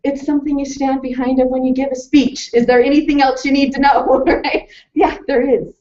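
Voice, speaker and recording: A woman presenting a lively talk to a live audience, telling stories and asking questions. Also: sits high, moderate pace, slight background noise. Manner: animated storytelling, asks the audience questions. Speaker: webinar presenter. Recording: distant mic, muffled lo-fi sound.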